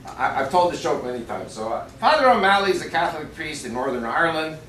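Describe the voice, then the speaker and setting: Brief: male guest speaker with a fairly high voice, punchy and talking straight to the crowd, picked up by a far-off mic in an echoey banquet room with faint ambience behind him. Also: very animated, fast, fairly bright tone, a little hiss or hum. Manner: emphatic, conversational, asks the audience questions. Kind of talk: lecture to a club audience, with jokes. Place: banquet room of a shooting sports store.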